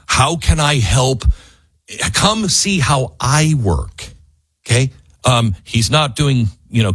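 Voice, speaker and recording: Husky, animated male talk radio host. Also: medium pitch, dry recording. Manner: emphatic, argumentative, shifts quickly between loud and hushed. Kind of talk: political talk radio commentary.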